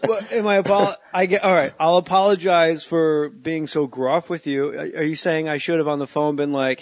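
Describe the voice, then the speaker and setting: A man's voice: on the high side, steady tone, moderate pace, few pauses, no room sound. A man hosting a comedy podcast from his home, chatting loosely and jumping into silly mock voices. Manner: loud, jokey, slips into mock voices. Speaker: podcast host. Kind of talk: casual comedic chat.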